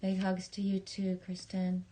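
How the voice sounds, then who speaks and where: A woman hosting a casual livestream, reading viewer messages in a halting, rambling way, with many restarts and some swearing and affection for her viewers. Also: medium pitch, completely flat delivery, warm tone, a little hiss or hum. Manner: affectionate, talking straight to viewers. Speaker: livestream host.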